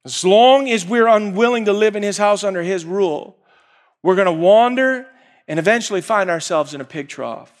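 High-voiced preacher, hushed to shouting. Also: male voice, normal speed. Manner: dynamic, swings from hushed storytelling to shouting. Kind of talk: sermon.

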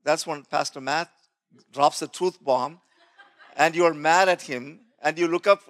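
In a measured, fairly high voice with a fairly bright tone, a male pastor recounts a personal testimony during a sermon. His storytelling includes acting out quoted voices with laughter, and he often restarts what he's saying.

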